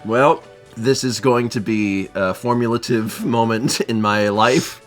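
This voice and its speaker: Laughing a lot and restarting often, a thirties-aged co-host tells a story on a casual live show. He quotes people with his voice rising high and stays animated throughout. His pace is a little slow, with faint music behind him.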